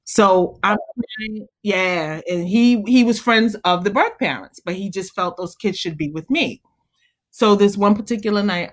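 A woman guest in an interview, speaking earnestly and encouragingly about being a mother, growing animated as she tells stories. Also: on the low side. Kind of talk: conversational interview.

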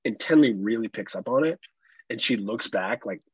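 A young adult man co-hosting a casual podcast, telling animated stories and swearing freely. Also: on the low side, normal speed, husky, no echo, dull audio. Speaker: podcast co-host.

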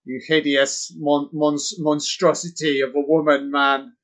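A man giving crude, excitable, mocking live commentary on a horror film. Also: fairly high pitch, unhurried. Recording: dull lo-fi audio.

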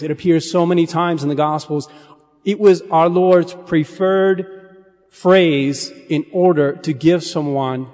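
A man preaching a sermon in an earnest, measured way, dropping his voice to a hush on key phrases. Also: on the high side. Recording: long hall reverb.

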